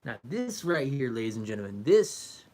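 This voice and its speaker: Young man, livestream host, casual chat, mid pitch, affectionate coaxing tone. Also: sing-song, moderate pace, darkish tone. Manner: coaxing, affectionate pet talk.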